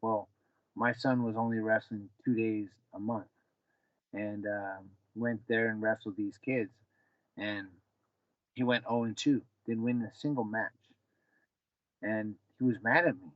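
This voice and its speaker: A man's voice: fairly low pitch, a little slow, pauses often, no room sound. Man telling a story in a dull recording. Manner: animated, acts out dialogue with his son. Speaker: former fighter and wrestling coach, guest. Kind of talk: casual podcast storytelling.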